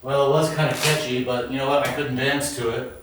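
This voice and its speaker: A man hosting a ghost hunt, calmly asking questions of spirits inside a large abandoned hospital. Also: medium pitch. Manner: calm, questioning, talks slowly to the unseen. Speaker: paranormal investigator host. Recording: echoey empty building, faint noise.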